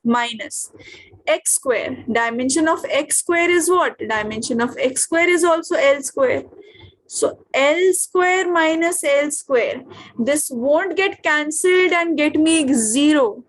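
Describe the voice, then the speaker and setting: A high-pitched woman with an Indian English accent teaches a physics class over a video call. She keeps stopping to ask her students what comes next and whether it is clear. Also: animated, unhurried. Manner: questioning, checks understanding often.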